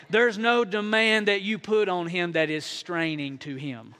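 A male pastor with a high, bright, clear voice delivers a sermon to his church. He talks in a loose, folksy way, jokes with the congregation, then surges loud or falls quiet. His tone is crisp and ringing. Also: moderate pace, hardly any pauses. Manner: conversational preaching with sudden rises and quiet drops; folksy, playful asides to the congregation.

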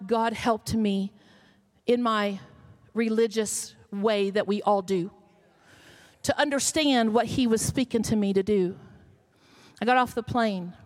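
A middle-aged woman pastor, telling a story in a sermon that builds to emphatic calls. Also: medium pitch.

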